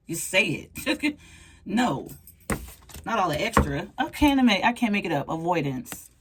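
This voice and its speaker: A woman's voice: low-pitched, slight background noise. A woman giving a casual tarot reading in a playful, chatty way, calling the listener pet names. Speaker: tarot reader.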